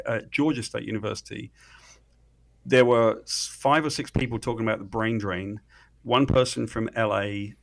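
A middle-aged man, an interview guest telling stories excitedly, swearing freely and often restarting his sentences. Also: lowish voice, gravelly. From Britain. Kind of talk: animated storytelling in conversation.

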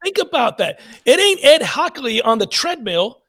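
Fired-up high-voiced sports ranter. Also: male voice, sing-song, normal speed, pushed and bright. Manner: fired-up ranting, blunt and profane. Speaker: sports talk co-host. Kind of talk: sports talk podcast.

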